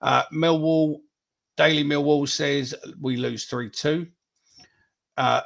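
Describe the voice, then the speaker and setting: A gravelly-voiced man hosts a live podcast. He chats casually and swears freely as he reads out viewers' score predictions, speaking at an average pitch. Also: steady tone, takes it slowly. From England. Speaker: podcast host.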